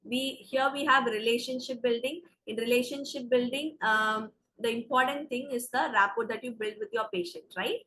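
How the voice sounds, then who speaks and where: A woman's voice: on the high side, normal speed, few pauses, pushed and bright, poor audio. A woman with an Indian English accent teaching an exam preparation class, explaining step by step and checking in with "okay". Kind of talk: classroom lecture.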